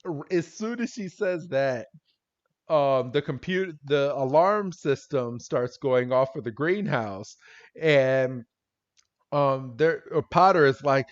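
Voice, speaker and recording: Slow-talking man recapping, dull lo-fi audio. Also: animated. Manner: laughs often, acts out characters in high silly voices. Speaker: podcast co-host. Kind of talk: casual chat recapping a cartoon episode.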